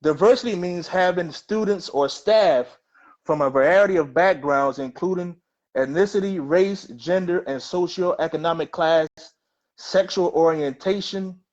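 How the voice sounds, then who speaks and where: A man hosting a talk show, telling a story in a halting way with frequent restarts and fillers. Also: high-pitched, a little mellow. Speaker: host. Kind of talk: casual talk-show conversation. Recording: dull lo-fi sound.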